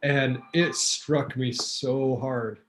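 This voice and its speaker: A man's voice: medium pitch, extremely slow, a little hiss or hum. A man telling a vivid personal story as a talk show guest, acting out quotes, with fillers and restarts. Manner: animated storyteller, acts out quotes.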